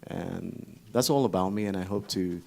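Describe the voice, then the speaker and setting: A man addresses a conference panel as a diplomat. His voice sits fairly low, and his formal remarks come in halting phrases broken by frequent pauses and fillers. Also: creaky, a little mellow. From Vietnam.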